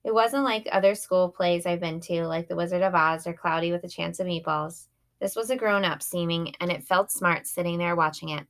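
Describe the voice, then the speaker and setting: A woman's voice: on the low side, steady tone, fairly quick, a bit bright. Woman reading a children's novel aloud. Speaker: audiobook reader. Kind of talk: first-person storybook narration.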